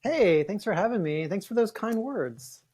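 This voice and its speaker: A man's voice: high voice, expressive, moderate pace, a little mellow, slightly rough. A man being interviewed about his writing, chatty with many fillers and restarts. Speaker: guest author. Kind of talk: casual interview talk.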